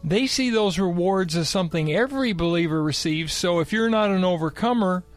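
A man teaching on a Christian radio show, explaining Bible passages in a measured, conversational way. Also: high-pitched, soft background music.

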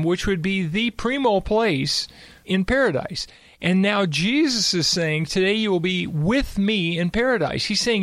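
A man with a high voice talks through scripture in a measured, explanatory way. The recording is dry and close, with no room sound. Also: fairly bright tone, no room sound. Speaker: Bible teacher. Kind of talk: conversational Bible discussion.

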